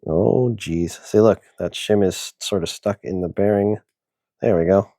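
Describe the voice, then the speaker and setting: A man's voice: low-pitched, measured pace, warm tone, no echo, clean studio sound. A man narrating a hobby kit build in a casual, chatty way, thinking aloud with many fillers and sounding tired and yawny. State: yawning, tired. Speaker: hobby video host.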